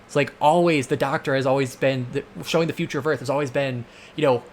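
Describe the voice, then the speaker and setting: A man's voice: medium pitch, fairly even intonation, fast, slight background noise. A man hosting a game playthrough, talking casually with lots of filler words and slipping into exasperated rants. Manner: rambling, full of filler words; exasperated ranting. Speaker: let's play host. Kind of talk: casual gameplay commentary.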